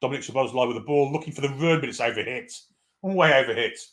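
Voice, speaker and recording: A man's voice: mid-range voice, fast, fairly bright tone. A man giving live fan commentary on a football match, irreverent, swearing freely and reading out viewer comments.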